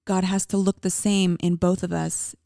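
Female co-host, lowish and gravelly, candid and playful in casual faith chat. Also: flat delivery, normal speed, dark tone, no room sound, studio quality. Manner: playful, laughs easily, candid. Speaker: podcast co-host, wife.

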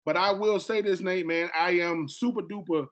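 A man's voice: sits high, moderate pace. A man from Georgia, hosting a casual podcast chat and acting out quoted dialogue with lots of restarts. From Georgia, USA. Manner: animated, acts out quoted dialogue; repeats and restarts often. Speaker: podcast host.

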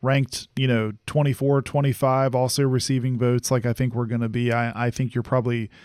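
A man's voice: mid-range voice, level tone, brisk, a little mellow, clear, resonant tone, dry recording, clean studio sound. A man co-hosting a casual sports podcast, talking in a rambling way with many fillers. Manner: rambling, full of fillers and restarts. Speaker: podcast co-host.

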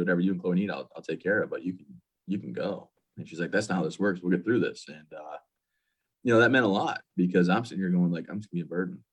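A man's voice: deep voice, husky. A man in his thirties, a veteran guest, telling his personal story in a candid, plain-spoken interview manner.

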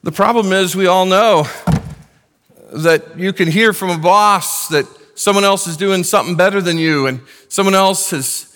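A man's voice: high-pitched, normal speed, fairly bright tone. A man preaching a sermon to his congregation, earnest and conversational, with casual asides. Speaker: pastor. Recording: long hall reverb.

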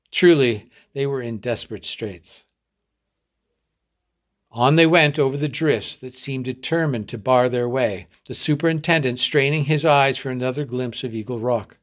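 A man from a readers' theatre reading a short story aloud in a measured storytelling voice. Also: mid-range voice.

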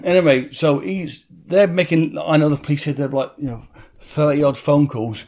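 A man's voice: a little high, fairly even intonation, normal speed, darkish tone. A man telling a vivid personal story in an interview, blunt and swearing freely.

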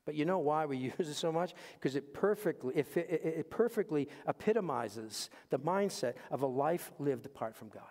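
A man preaching a sermon as pastor in a church, emphatic and fond of repeating key phrases, moving between quiet asides and raised, pointed lines. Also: a little high, expressive, moderate pace, few pauses. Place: church sanctuary. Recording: long reverb of a large hall.

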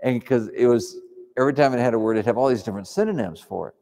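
A man teaches a congregation in a calm, reflective sermon, talking through prayer like he's chatting with friends. His voice is gravelly and mellow. The sound hangs in a long hall reverb. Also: medium pitch, fast talker. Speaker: preacher.

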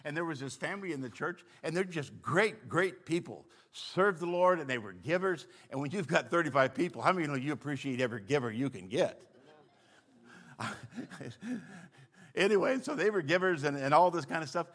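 An older man preaching a sermon as pastor, telling a story with animated bursts of emphasis. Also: fairly high pitch, a little fast.

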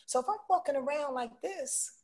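A woman speaking as an interview guest about intuition, animated and emphatic, often checking in with "right?". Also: high voice, moderate pace. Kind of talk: casual conversational interview.

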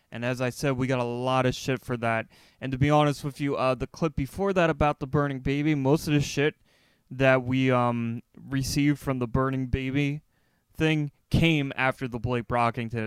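A man co-hosting a podcast in an easygoing, profane way, with frequent fillers and a laid-back delivery. His voice is smooth and clear. It is recorded dry, with no room sound. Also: medium pitch, dry recording. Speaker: podcast co-host. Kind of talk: casual podcast talk and segment intro.

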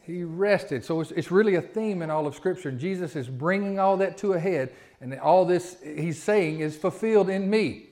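A pastor preaching a sermon, his voice sitting a little high for a man. He talks in a folksy way, repeats his words and presses his points with rising emphasis. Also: moderate pace, few pauses, darkish tone. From Southern United States.

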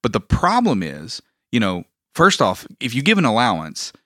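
A man's voice: mid-range voice, huge pitch swings, normal speed, a bit bright, no room sound, clean studio sound. A man co-hosting a parenting podcast, telling family stories in a casual, folksy, humorous way. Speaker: podcast co-host; father of a daughter.

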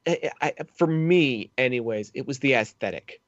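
A man's voice: mid-range voice, expressive, moderate pace, dry recording, lo-fi sound. A man co-hosting a podcast, talking through a film character in casual, thoughtful detail. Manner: detailed, thoughtful movie analysis. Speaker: podcast co-host.

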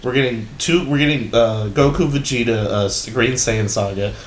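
Excitable young man chatting on a podcast. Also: mid-range voice, normal speed. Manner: excitable, swears freely, laughs often. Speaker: podcast co-host. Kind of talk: casual podcast chat. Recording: roomy sound with faint background noise.

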